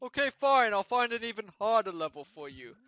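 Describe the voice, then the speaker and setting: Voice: mid-range voice, big pitch swings, a little fast, pushed and bright, no echo. A performer voicing a cocky male plush plumber who taunts his friend in a comedic puppet gaming skit, with mocking, gloating delivery. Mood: teasing.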